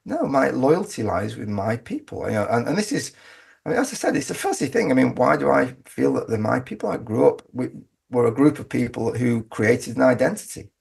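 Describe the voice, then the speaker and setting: A man's voice: medium pitch, very animated, a little fast, creaky, darkish tone, slightly rough. A man speaking as an interview guest, making his case emphatically and often restarting his sentences. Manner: emphatic, argumentative, with frequent restarts. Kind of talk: conversational interview.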